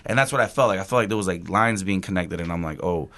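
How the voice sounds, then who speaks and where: A man, a chef, telling a story casually on a podcast, animated and swearing, acting out quotes with laughs. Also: sits low, fast talker. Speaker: chef guest.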